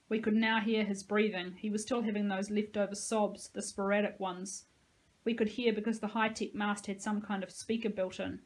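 Casting: woman teacher reading a novel aloud, dramatic and expressive, mid-pitched voice. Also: poor audio.

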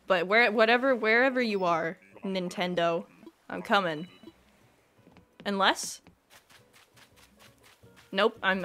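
A woman streamer chatting excitedly with her viewers during a live game stream, laughing often. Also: mid-range voice.

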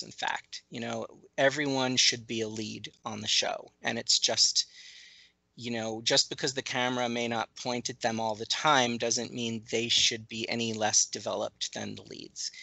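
Man, gravelly, bright and forceful tone, dry close sound, halting restarts, interview guest. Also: medium pitch, no echo, rough recording. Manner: thoughtful, halting, many restarts and fillers. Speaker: animated series co-creator, interview guest. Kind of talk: conversational interview.

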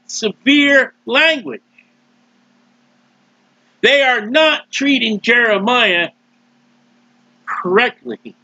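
A man preaching a sermon loudly and emphatically, with mocking asides and sudden swings in his voice. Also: high-pitched, no echo, muffled recording. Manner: mocking asides and short laughs. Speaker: street preacher.

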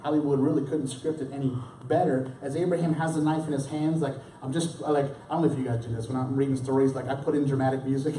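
A man's voice: fairly high pitch, steady tone, fast talker, few pauses, mellow, slight background noise. A man preaching a sermon in a conversational way, often restarting his words and acting out the lines of the story. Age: young adult or middle-aged. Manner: conversational, with many restarts and dramatic acted quotes. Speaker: pastor. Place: church. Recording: roomy church hall, mic at a distance.

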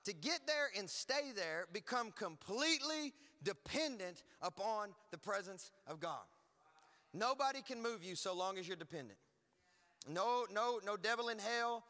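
A man preaching a lively sermon as pastor, emphatic and energetic with frequent asides. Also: sits high, moderate pace, big-room sound. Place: church hall.

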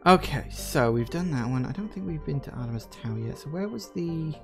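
A man's voice: fairly high pitch, expressive, fairly quick, creaky, music in the background. Chatty English Midlands man streaming a game. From England. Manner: chatty, joking, answers chat aloud. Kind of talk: casual live-stream commentary.

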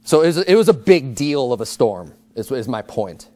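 A man's voice: medium pitch, very animated, moderate pace, warm tone, dry recording. A male pastor preaching a sermon in a conversational, emphatic way, often repeating words as he goes.

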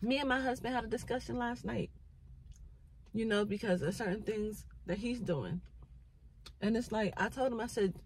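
A woman's voice: on the high side, normal speed, pauses often, slight background noise, poor audio. Earnest woman preaching on her faith. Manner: earnest, preaching, repeats phrases for emphasis. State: near tears. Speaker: vlogger. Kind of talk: faith-based personal reflection.

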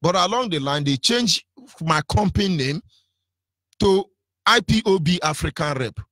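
A man's voice: sits high, lively intonation, moderate pace, pushed and bright, dry recording, clean studio sound. Fiery Nigerian man preaching on radio. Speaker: radio broadcaster. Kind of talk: impassioned radio sermon.

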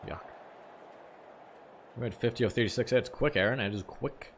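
A young New Zealander with a Kiwi accent streams a cricket game, commentating casually and reading out chat messages with some mild swearing. His mid-range voice is fairly bright and moves at a moderate pace over slight background noise.

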